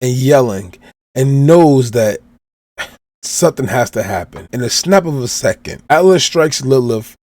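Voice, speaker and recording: In a dry recording, a man with a mid-range, darkish voice hosts a podcast and casually goes through a comic chapter beat by beat. He's from Chicago and quotes the characters' lines as he goes.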